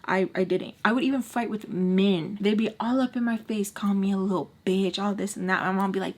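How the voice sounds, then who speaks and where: A young woman vlogger tells a storytime while doing her makeup, chatting casually in an animated way and swearing. She talks quickly with few pauses and lets out sudden high-pitched exclamations.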